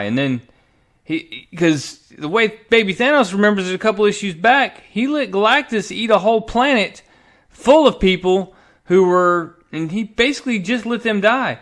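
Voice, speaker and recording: A man's voice: high voice, normal speed. Man animatedly recapping a comic. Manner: animated storytelling with frequent restarts. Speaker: comic book reviewer. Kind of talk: casual comic book recap.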